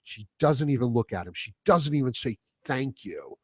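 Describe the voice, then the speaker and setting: A man talking on his own podcast in a loose, rambling way, swearing freely and chuckling between thoughts. His voice sits at an ordinary middle pitch. The sound is close and dry. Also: lively intonation, moderate pace, slightly rough, no room sound. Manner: rambling, profane, chuckles often. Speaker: podcast host. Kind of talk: casual solo podcast monologue.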